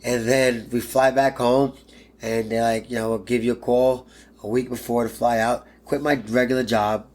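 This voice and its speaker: A man's voice: mid-range voice, flat delivery, moderate pace, darkish tone. A man in his thirties, a pro fighter guest in an interview, telling a story bluntly and animatedly and swearing freely.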